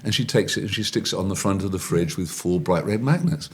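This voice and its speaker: A man, a professional storyteller, telling folk tales in an animated interview chat. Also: low-pitched, fast talker, gravelly, breathy edge. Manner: expressive, swings into character voices. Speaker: storyteller guest.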